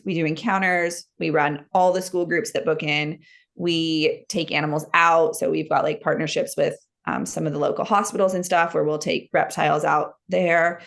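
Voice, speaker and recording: A woman with an American accent, a guest chatting casually about her work as a wildlife educator, talking in fast, filler-heavy stories. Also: sits low, gravelly, fairly bright tone. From United States. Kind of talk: casual chat.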